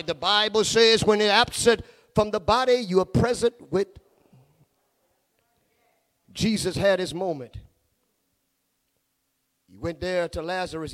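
High-voiced preacher man, slow and chanting. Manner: chanting, sing-song cadence rising into shouts; repeats phrases for emphasis. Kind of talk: sermon.

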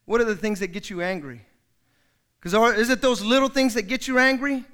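A male pastor delivers a sermon in a strikingly high voice. His tone is bright and ringing. He acts out the people he quotes with big, loud outbursts. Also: brisk.

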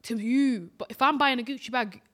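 A woman's voice: on the high side, a little fast, fairly bright tone. Argumentative woman in casual chat. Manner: argumentative, repeats herself. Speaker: podcast co-host.

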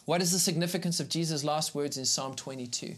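Man, pastor teaching a live online series, chatty and animated, reads scripture with emphasis. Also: on the high side, fast. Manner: conversational and animated, greets viewers in the chat. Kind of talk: live-streamed Bible teaching.

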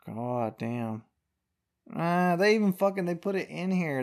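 Slow-paced and expressive, the young man hosting this podcast has a slightly high voice. His news commentary is a profane rant, drawled out in slangy language.

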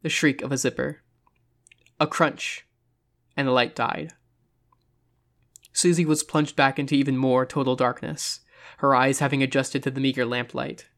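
Casting: suspenseful horror audiobook narrator, measured delivery, middle pitch. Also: little pitch movement, a bit bright. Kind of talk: horror story reading.

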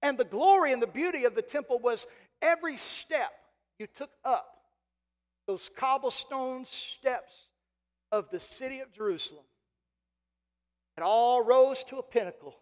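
A man with a strikingly high voice preaches in a church sanctuary, and the long reverb of the big hall trails after every phrase. He leans hard into emphatic lines and draws certain words out slowly. Between those peaks he falls back to a quieter, explaining tone. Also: lively intonation. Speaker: pastor. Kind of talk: sermon.

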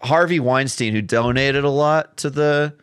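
A man's voice: mid-range voice, a little slow, a bit bright, clear, resonant tone, dry recording, clean studio sound. A man co-hosting a casual podcast, rambling with fillers and reading film trivia aloud. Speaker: podcast co-host. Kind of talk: casual film-review chat.

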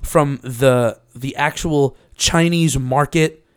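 A man's voice: mid-range voice, slow pace, smooth. A man chatting casually as a podcast co-host, swearing freely and laughing as he tells stories. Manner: profane, laughing, storytelling. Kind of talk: casual chat.

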